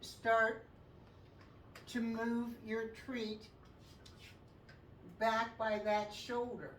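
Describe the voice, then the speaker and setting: A woman working as a dog trainer talks through a session at an unhurried pace. Her voice sits a bit high and she gives calm instructions, then lifts into bright praise for the dog. The sound is roomy and picked up from some distance, with a faint hiss underneath. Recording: echoey, distant mic, faint noise.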